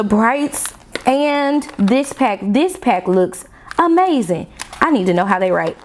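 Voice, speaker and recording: A woman talks fast and warmly to her viewers while she tests pens at her desk. She gushes and jumps up in pitch with delight, and a faint hiss of room noise sits under her voice. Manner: excitable, gushing, talks to viewers as y'all. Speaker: planner vlogger. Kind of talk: casual unboxing chat to viewers. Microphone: desk camera mic, off camera.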